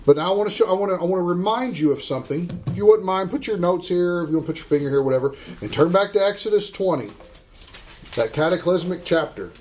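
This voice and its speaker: A middle-aged man teaching a Bible class, emphatic and slowing down to stress scripture as he asks the class questions. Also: high voice, animated, a little mellow, a little hiss or hum.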